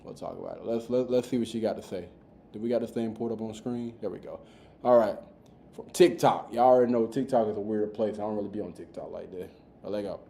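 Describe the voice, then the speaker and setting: A man's voice: fairly low pitch, fairly even intonation, quick pace, vocal fry, mellow, a little hiss or hum. A man hosting a reaction podcast in a casual, slangy way, often repeating his words. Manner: laid-back, slangy, repeats himself. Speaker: podcast host reacting to videos. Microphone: streaming mic. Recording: echoey room.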